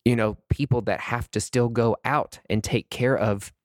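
A man's voice: medium pitch, steady tone, normal speed, no echo, clean studio sound. A man hosting a podcast, talking in a heated, rambling way with many restarts. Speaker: podcast host. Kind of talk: casual podcast monologue.

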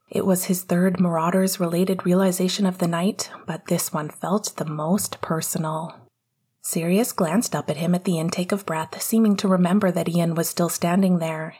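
A woman narrating fan fiction in a steady, hushed way. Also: fairly low pitch, slightly rough.

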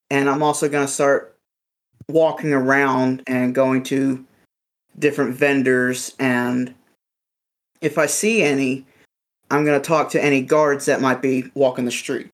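A man's voice: medium pitch, level tone, a little slow. A man playing his character in a tabletop role-playing game, earnest and polite. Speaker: player.

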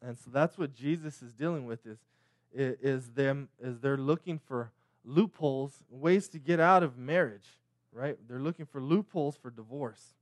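A man in his thirties preaching a sermon as a pastor, with a halting delivery, frequent restarts, repeated words and tag questions. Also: medium pitch, dry recording, clean studio sound.

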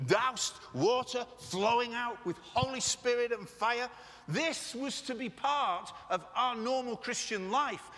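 A man's voice: extremely high pitch, sharp tone. A man preaching a sermon to a congregation, passionate and conversational, with joking asides to the room. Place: church meeting room. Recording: echoey hall.

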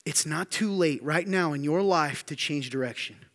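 A man preaching a sermon to his congregation, emphatic and often asking the room rhetorical questions. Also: moderate pace. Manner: emphatic, building to loud high-pitched intensity. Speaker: pastor. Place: church hall. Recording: long hall reverb.

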